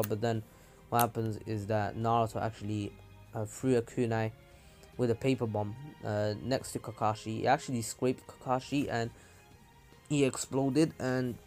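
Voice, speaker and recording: Casual male storyteller, mid pitch, rambly with fillers, faint music beneath. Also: fairly even intonation, moderate pace, darkish tone. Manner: rambling, with many fillers and throat clearing. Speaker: channel host.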